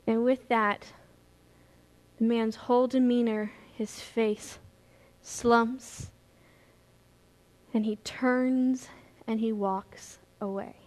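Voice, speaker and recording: A woman pastor preaching a sermon, retelling a story in a lively storytelling way. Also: on the high side, very slow, pauses often. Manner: animated storytelling, acting out scenes.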